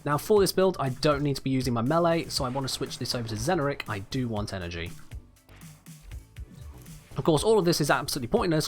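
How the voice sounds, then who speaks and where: A man's voice: mid-range voice, fairly bright tone. A man from England, chatting casually and wryly to his livestream chat while playing a game. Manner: chatty, wry, reads out and answers chat. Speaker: streamer.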